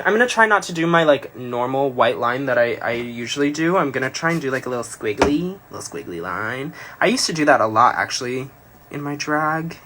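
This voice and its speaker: A chatty, self-deprecating man talks through a makeup tutorial on a phone livestream. His voice is bright and sharp, and it swoops up and down as he jokes and rambles. A faint noise sits behind him. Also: medium pitch. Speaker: drag performer doing a makeup tutorial.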